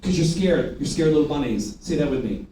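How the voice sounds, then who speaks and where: A man's voice: on the high side, lively intonation, fairly quick, warm tone, slight background noise. A man leading a sales training session, commanding and drilling the audience with call and response. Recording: echoey room from a distance, faint ambience.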